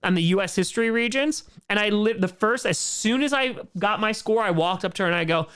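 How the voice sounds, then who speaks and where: A man's voice: sits high, a little fast, fairly bright tone, clear, resonant tone. A man hosting a casual livestream Q&A, answering chat questions in a rambling way, full of "like" fillers and blunt opinions. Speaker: streamer host answering chat.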